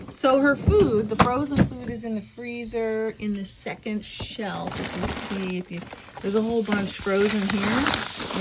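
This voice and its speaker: A young woman with a slightly high voice walks a pet sitter through her kitchen in a casual home video, rambling through instructions with lots of fillers and restarts. Heavy background noise fills the clip.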